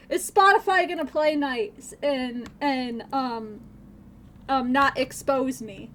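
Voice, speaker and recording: A woman's voice: on the high side, takes it slowly, fairly bright tone, a little hiss or hum. A woman streamer chatting casually while modding a game, rambling, swearing freely and laughing nervously.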